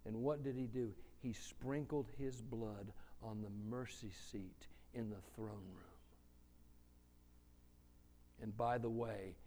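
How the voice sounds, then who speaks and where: A male preacher giving a sermon in a church, slow and conversational, asking the congregation questions. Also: medium pitch, a little mellow.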